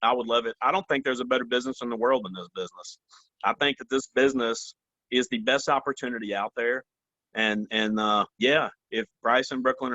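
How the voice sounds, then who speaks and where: A man's voice: mid-range voice, sharp tone, no echo, lo-fi sound. A man in his forties, a company vice president, giving earnest interview answers, repeating phrases and often saying "man" and "you know".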